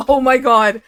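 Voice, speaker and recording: A woman's voice: sits high, fairly bright tone. A young woman streaming, reacting to a video with laughter and dramatic, repeated cries. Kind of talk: live stream reaction chat.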